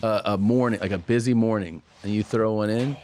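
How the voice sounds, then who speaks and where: A man's voice: lowish voice, fairly even intonation, a little fast, darkish tone, slight background noise. A man in casual podcast chat, asking curious questions.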